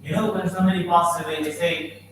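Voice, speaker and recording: A man's voice: on the high side, little pitch movement, fast talker, fairly bright tone, a little hiss or hum. A man giving an Islamic lecture, asking the audience questions and quoting Arabic verses. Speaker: imam giving a talk. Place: mosque hall. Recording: very echoey hall from far off.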